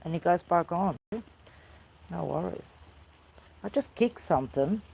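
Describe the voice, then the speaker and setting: A woman's voice: fairly low pitch, expressive, measured pace, vocal fry, a little mellow, slight background noise, poor audio. A woman with an Australian accent chatting in a rambling, easygoing way outdoors by a fire, calling out now and then to people off camera. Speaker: vlogger. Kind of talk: casual chat. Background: rain falling.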